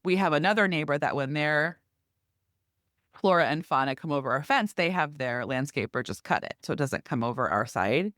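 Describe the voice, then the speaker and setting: A middle-aged woman co-hosting a podcast, telling a long story in a lively, chatty way. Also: lowish voice, dry recording, clean studio sound. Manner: lively storytelling, acts out quoted neighbors. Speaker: podcast co-host. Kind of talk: casual chat.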